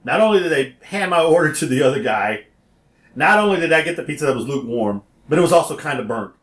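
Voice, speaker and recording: A man telling a story in an animated way, acting out phone calls and sometimes rising to a shout. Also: a little high, quick pace, roomy sound.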